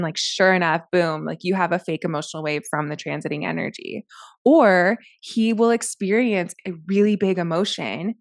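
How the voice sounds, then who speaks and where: A woman's voice: lowish voice, no echo, clean studio sound. A woman co-hosting a podcast, explaining things in an earnest, thorough way. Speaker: podcast co-host. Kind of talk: casual podcast chat.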